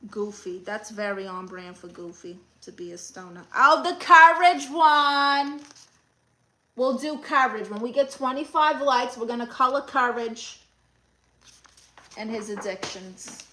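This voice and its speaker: A woman with a New York accent hosts a comedic livestream as an aunt character, reading viewer comments and answering with dry, deadpan quips. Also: a little high, normal speed, poor audio. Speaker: livestream host playing an aunt.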